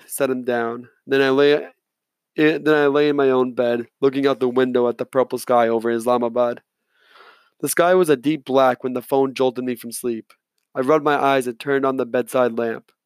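A man narrating a novel in the first person, reading in a measured, quiet way. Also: mid-range voice, smooth, dry recording. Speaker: audiobook narrator.

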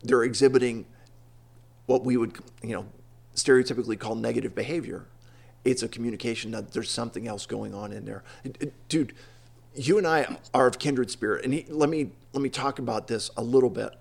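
A man's voice: mid-range voice, a little fast, vocal fry, a little mellow. A man hosting an interview, asking long, thoughtful questions with hesitant restarts. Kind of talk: conversational interview.

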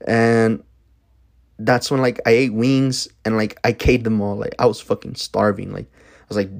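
A man's voice: on the low side, fairly even intonation, unhurried, gravelly. Young man rambling through a personal story. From Denver area. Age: young adult. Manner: rambling, fills with "like", swears freely. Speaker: podcast host. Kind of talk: casual storytelling.

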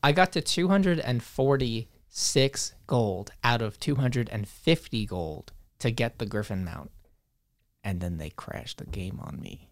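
Young male co-host, animated, swears a lot, dry close-miked sound; casual chat. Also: mid-range voice, a little slow, no echo. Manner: animated, swearing, rambling with many fillers. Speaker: podcast co-host.

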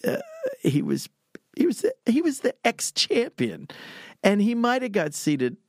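A man's voice: high voice, wildly swooping pitch, unhurried, gravelly, dry recording, clean studio sound. An older man from Pennsylvania telling rambling, chuckling stories in casual conversation as an interview guest. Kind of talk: casual storytelling.

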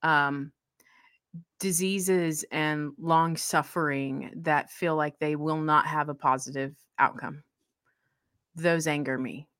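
A woman's voice: deep voice, steady tone, takes it slowly, a bit bright, no echo, studio quality. A woman co-hosting a casual faith podcast, talking earnestly and bursting into laughter. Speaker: co-host.

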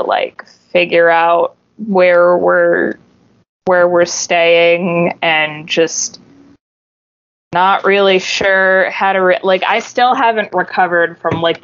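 A woman's voice: lowish voice, clear, resonant tone, no room sound, highs cut off. A woman co-hosting a podcast, telling a road-trip story in a laid-back casual chat and swearing freely. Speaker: podcast co-host.

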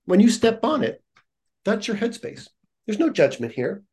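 A man's voice: high-pitched, wildly swooping pitch, moderate pace, slightly rough. Guy who teaches yoga, earnest and encouraging, repeats stuff for emphasis, podcast chat. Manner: earnest, encouraging, warm-hearted coaching tone, repeats phrases for emphasis. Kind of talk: casual podcast conversation.

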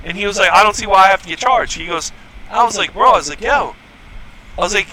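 A man's voice: high-pitched, fast, sharp tone, low-quality recording. A man hosting a casual podcast, telling stories in a profane, heated rant. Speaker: podcast host. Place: home podcast setup.

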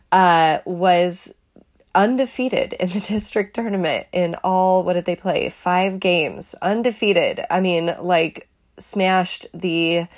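A middle-aged woman, hoarse from being sick, hosting a casual, chatty podcast. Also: fairly low pitch. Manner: chatty, upbeat, laughs often. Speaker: podcast host.

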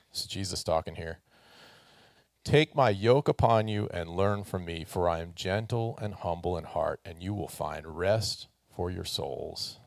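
A man's voice: fairly low pitch, darkish tone, no room sound, studio quality. A man preaching a sermon to a congregation, casual and joking, asking the listeners to answer and raise hands. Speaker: pastor.

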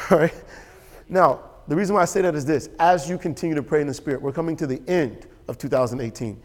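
A pastor preaches emphatically, repeating his key lines and frequently checking that the congregation agrees with him. His voice is a little high and a little fast, with a long reverb tail.

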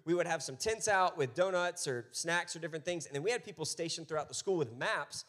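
A man's voice: on the high side, brisk. A man in his thirties preaching a sermon as pastor, telling stories and acting out voices with animation. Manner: animated storytelling, acts out voices.

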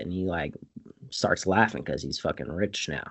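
A man's voice: sits low, animated, normal speed, creaky, slightly rough. A man hosting a podcast, recapping a film in casual, profane chat and acting out the characters' lines. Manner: swears freely, acts out characters' lines.

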